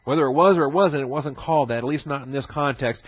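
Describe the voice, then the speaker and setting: Male Bible teacher, mid-pitched voice, deliberate and repetitive, dry close recording. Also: dry recording, lo-fi sound. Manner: repeats key phrases for emphasis; poses rhetorical questions.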